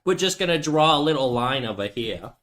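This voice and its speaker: A man's voice: mid-range voice, animated, a little fast, a bit bright. A man chatting casually on a livestream while he draws, joking and playfully defiant as he argues with his chat.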